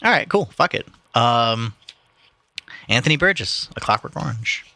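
A man hosting a casual podcast with friends, swearing freely and trailing off with fillers, who slows into a measured read when reading a novel aloud. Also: medium pitch, expressive, gravelly, bright, forceful tone, dry recording.

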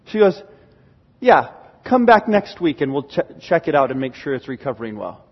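High husky-voiced guy preaching, telling stories, dull lo-fi sound in a big echoey church. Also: normal speed. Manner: storytelling, animated with acted-out exclamations. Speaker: pastor. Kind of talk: sermon. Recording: dull, lo-fi recording with long hall reverb.

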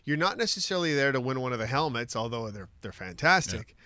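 A man's voice: medium pitch, big pitch swings, fast talker, bright, forceful tone, clear, resonant tone, no room sound. A man appearing as a guest on a sports talk show, giving opinions in a casual, filler-laden way. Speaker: guest, comedian and former player.

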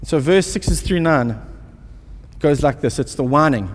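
A man preaching a sermon in a fairly high voice, mixing self-mocking stories with rhetorical questions. His words carry a long reverb, as if spoken in a large hall. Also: expressive, unhurried. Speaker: pastor.

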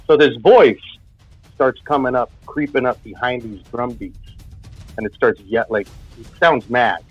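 A man's voice: medium pitch, unhurried, breathy edge, dry recording. A man telling a personal spooky story in a casual, rambling way, full of filler words. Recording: dull lo-fi sound with faint music.

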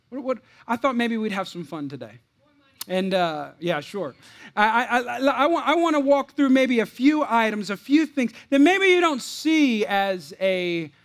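A man's voice: sits high, fairly bright tone. A male pastor preaching a sermon in a playful, joking way, often restarting and repeating words as he talks to the congregation.

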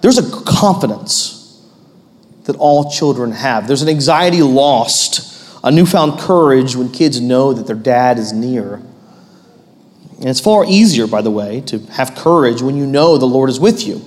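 A man in his thirties preaching a sermon as pastor, animated and rising to loud, emphatic peaks. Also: mid-range voice, measured pace, in a large hall.

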